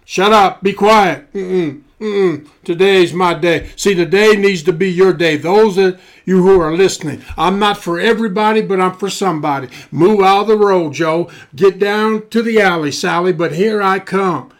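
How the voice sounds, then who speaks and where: A man's voice: sits high, moderate pace, hardly any pauses. A male pastor preaching a sermon in a dramatic, colloquial style, stretching out key words for emphasis.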